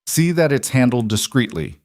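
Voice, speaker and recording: A man's voice: medium pitch, lively intonation, normal speed, a little mellow, no room sound, pitched above the performer's own voice, lightly acted. A man voicing a cold, blunt mafia boss husband who speaks in curt, matter-of-fact commands in an audiobook reading. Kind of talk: audiobook narration.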